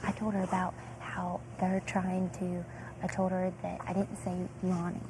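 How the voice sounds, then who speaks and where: A woman's voice: fairly low pitch, moderate pace. A young woman, a reality show contestant, talking in casual gossip and acting out what others said with lots of "like". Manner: animated, acts out quotes with filler "like". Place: indoor house. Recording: noisy room feed.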